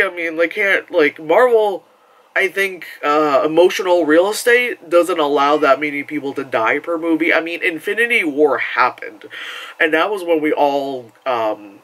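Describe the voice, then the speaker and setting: A man giving a casual spoken movie review, rambling and animated, full of fillers, who acts out shouts from the crowd. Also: on the high side, moderate pace, low-quality recording.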